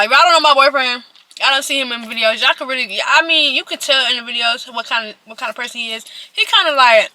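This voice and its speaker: An eighteen-year-old vlogger eats while telling her viewers a personal story, chatting directly to them. Her voice sits high and sounds pushed and bright.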